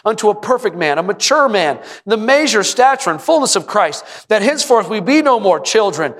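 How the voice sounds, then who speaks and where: Male pastor, high voice, emphatic repetitive sermon delivery, church hall echo. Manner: preaches with rising emphatic repetition, sometimes shouting. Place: church sanctuary. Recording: long hall reverb.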